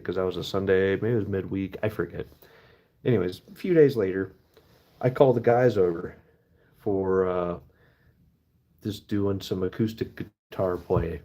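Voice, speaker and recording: A man's voice: deep voice, normal speed, mellow. A man hosting a livestream, telling a rambling story in a casual way, swearing and using plenty of asides. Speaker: livestream host.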